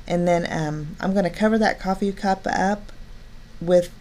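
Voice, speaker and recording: A woman's voice: on the low side, unhurried, darkish tone. A woman narrating a card-making tutorial, chatty and step-by-step, delighted with her work.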